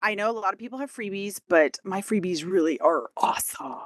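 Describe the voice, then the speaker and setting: A woman's voice: medium pitch, expressive, fairly quick, no echo, clean studio sound. A middle-aged woman coach, a podcast guest, talking casually with upbeat enthusiasm. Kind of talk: casual interview chat.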